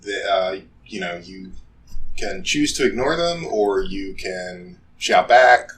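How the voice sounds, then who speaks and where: A man's voice: low voice, lively intonation, slow pace. A man running a tabletop game who narrates hesitantly and stops often to fill the gaps. His voice sounds a little distant from the mic, with faint room noise behind it. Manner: hesitant, filler-heavy narration. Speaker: dungeon master.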